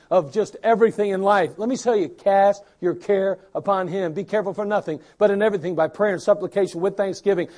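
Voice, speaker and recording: A man's voice: sits high, a little mellow. An older man preaching a sermon as pastor, repeating lines and building to bursts of emphasis.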